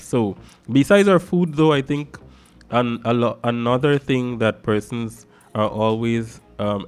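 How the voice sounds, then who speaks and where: Speaking with a Guyanese accent, a radio host from Guyana delivers an animated, emphatic talk-show monologue in a casual style. His voice is on the low side and swings from loud stresses to soft asides.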